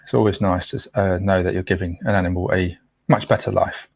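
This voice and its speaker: A man's voice: low-pitched, steady tone, fairly quick, creaky, a little mellow, breathy edge, no echo. A man hosts a casual live stream, chatting playfully and tripping over names as he reads them out.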